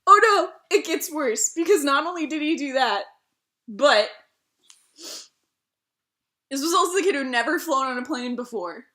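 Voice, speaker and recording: High bright-voiced young woman storyteller. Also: moderate pace, long pauses. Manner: animated storytelling, swears freely, laughs often. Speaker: streamer. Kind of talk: casual chat.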